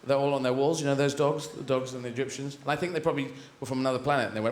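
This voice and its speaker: A man's voice: medium pitch, fairly even intonation, rapid-fire. A man from England doing rambling, surreal stand-up comedy on a large theatre stage. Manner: rambling, surreal, acting out voices. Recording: echoey theatre with loud audience.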